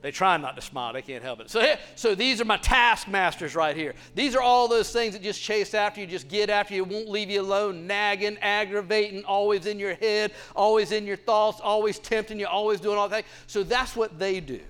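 A male pastor preaching in a playful, animated, conversational way. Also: high-pitched, brisk, few pauses, smooth. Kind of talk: sermon.

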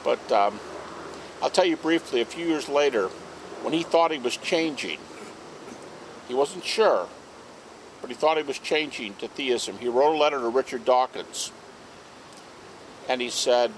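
A man speaking as a guest at an outdoor garden party, telling anecdotes in an animated way. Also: mid-range voice, a little slow, long pauses, a little hiss or hum, low-quality recording. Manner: animated, acts out quoted speech. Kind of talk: anecdotal storytelling to a small group.

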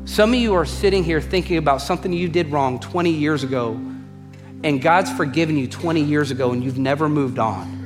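A man with a notably high voice preaching a sermon, pressing his points with repeated refrains and direct questions to the congregation. His voice rings in a reverberant hall. Faint music plays softly underneath. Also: a little fast. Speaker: pastor. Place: church auditorium.

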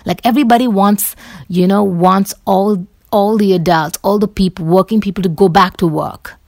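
A woman's voice: mid-range voice, normal speed, darkish tone, no room sound, studio quality. A woman talking loosely to camera in a rambling, chatty way, full of fillers and the odd swear word. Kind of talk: casual rambling monologue.

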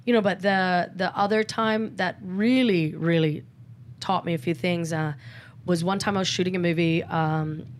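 A woman's voice: on the low side, fairly even intonation, moderate pace, a little hiss or hum. A middle-aged woman, a podcast guest talking candidly and acting out quoted exchanges in a casual interview.

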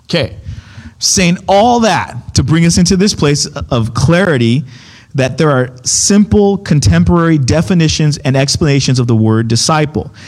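Emphatic preacher with a higher voice. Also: male voice, expressive, moderate pace, darkish tone. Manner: emphatic, keeps checking in with "okay?"; repeats key points, restarts phrases. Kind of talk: conversational Bible teaching.

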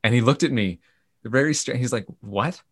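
A man, a camp organization's CEO, telling animated stories in a podcast interview and acting out the people in them. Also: mid-range voice, normal speed, breathy edge, no echo. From Canada. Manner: animated retelling with quoted voices.

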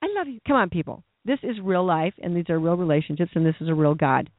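A man's voice: on the high side, quick pace, no echo. A man preaching a sermon in a blunt, impassioned, exhorting way. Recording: tinny phone-like dry sound.

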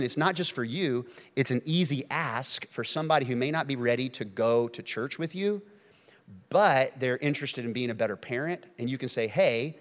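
Animated pastor in a reverberant hall. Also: male voice, mid-range voice. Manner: animated storytelling, swings from loud to hushed. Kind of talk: sermon. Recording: long reverb of a church hall.

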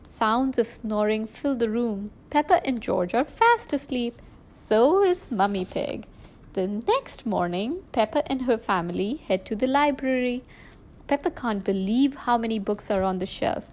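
A woman reads a children's picture book aloud, her fairly high voice full of lively rises and falls. The delivery is warm and expressive, made for young listeners. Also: measured pace, vocal fry. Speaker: storyteller. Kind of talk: children's storybook read-aloud.

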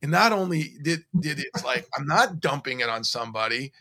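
Man, podcast co-host, bright forceful voice, lively storytelling. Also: medium pitch, normal speed. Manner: animated storyteller, recounting conversations. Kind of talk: casual podcast conversation.

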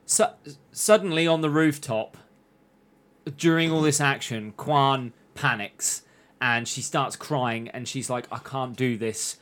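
A man's voice: medium pitch, takes it slowly, a bit bright. Man recapping a show. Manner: recaps plot in long runs, acting out lines. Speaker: podcast host recapping an anime. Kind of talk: casual chat.

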